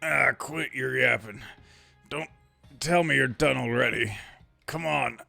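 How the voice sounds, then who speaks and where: A man putting on a gravelly voice for a cocky young brawler in a video game, full of defiance. The tone is bright and edgy. Faint game music plays underneath. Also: mid-range voice, measured pace, no echo, full character voice. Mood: defiant. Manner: defiant, tough-talking. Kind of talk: reading game dialogue aloud.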